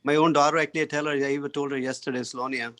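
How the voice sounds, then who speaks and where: A man on an online panel warmly thanking and praising the speaker. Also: fairly high pitch, level tone, rapid-fire, a little hiss or hum. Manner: effusive, praising.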